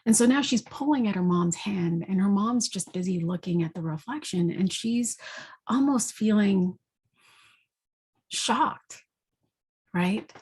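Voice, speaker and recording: A woman giving an intuitive energy reading, calmly telling a vision in a gentle, reflective way. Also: medium pitch, unhurried, pauses often, husky. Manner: gentle, reflective storytelling with fillers. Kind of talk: spoken guided vision.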